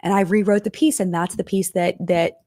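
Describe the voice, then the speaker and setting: A woman's voice: lowish voice, fairly even intonation, fairly quick, warm tone, no echo, clean studio sound. A middle-aged woman hosting a live-stream chat, talking casually and emotionally, with many fillers and restarts. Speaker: live-stream commentary host.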